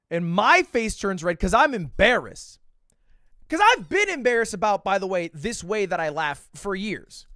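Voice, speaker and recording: A man's voice: sits high, pushed and bright, dry recording, clean studio sound. A young man, an online creator, telling a casual story with lots of self-mocking energy and frequent swearing.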